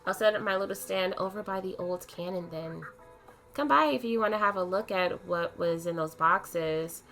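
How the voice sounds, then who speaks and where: A woman's voice: on the low side, normal speed, a bit bright, faint music behind. A woman voicing a kindly older woman who speaks politely and homely, calling people "dear". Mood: grateful. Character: kindly old woman clearing out clutter.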